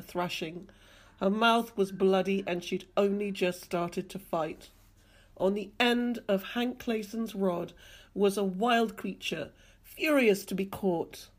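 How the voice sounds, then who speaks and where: Woman reading fiction dramatically. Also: mid-range voice. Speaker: reader. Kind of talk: audiobook reading.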